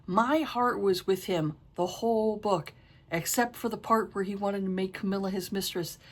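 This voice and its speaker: A woman's voice: mid-range voice, normal speed. A middle-aged woman reviewing books in casual chat, blunt and exasperated, with a habit of swearing. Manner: frank, exasperated and profane. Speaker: book reviewer.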